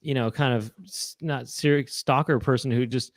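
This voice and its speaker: A man's voice: medium pitch, steady tone, dry recording. A man co-hosting a casual chat show, laughing often and restarting his sentences as he riffs. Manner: laughs often, halting restarts while riffing. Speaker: co-host.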